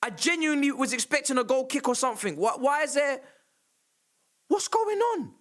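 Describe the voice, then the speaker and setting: High-pitched exasperated football streamer. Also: male voice, fast talker. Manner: sarcastic, exasperated, swears, shouts at refereeing calls. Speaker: livestream host reacting to a football match. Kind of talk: live match reaction stream.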